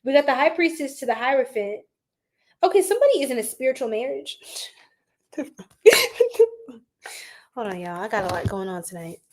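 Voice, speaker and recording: A young woman giving a casual live-stream tarot reading, animated and slangy as she chats with her viewers. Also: on the high side, moderate pace, long pauses.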